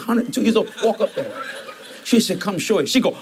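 A man's voice: on the high side, very animated, a little fast, breathy edge. A man, preaching a storytelling sermon and jumping into quoted voices with laughter.

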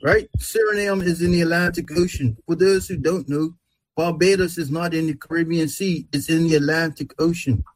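A man hosting a casual radio talk show, speaking in a relaxed, drawn-out and emphatic way. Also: a little high, no room sound, poor audio. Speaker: host.

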